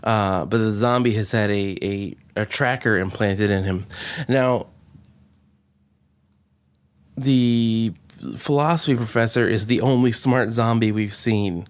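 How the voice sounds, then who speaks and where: A man casually recapping a movie with sarcasm and profanity, mocking its lines in quick impressions. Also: fairly low pitch, smooth. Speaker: podcast co-host. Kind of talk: casual movie review chat.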